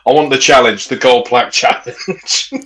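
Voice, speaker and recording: A man's voice: mid-range voice, moderate pace, fairly bright tone, rough recording. A man co-hosting a casual podcast chat, jokey and playful. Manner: playful, jokey, slips into voices. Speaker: podcast co-host.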